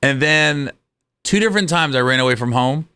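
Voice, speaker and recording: Man, comedian, animated, laughing storyteller, bright tone. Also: mid-range voice, normal speed, smooth. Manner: animated, laughs through his stories. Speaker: comedian guest. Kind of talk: comic storytelling in conversation.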